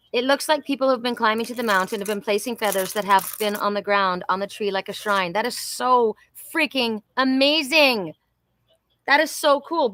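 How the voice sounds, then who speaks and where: A woman's voice: mid-range voice, pushed and bright, no room sound. A woman in her sixties hosting a live oracle reading, chatting effusively and talking to viewers by name. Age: 60s. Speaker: host.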